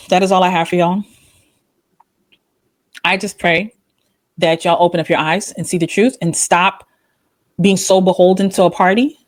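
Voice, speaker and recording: A woman hosting her own channel, delivering an impassioned, scolding opinion monologue full of rhetorical questions and religious language. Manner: swings between raised outbursts and low, quiet rebukes. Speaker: commentary channel host.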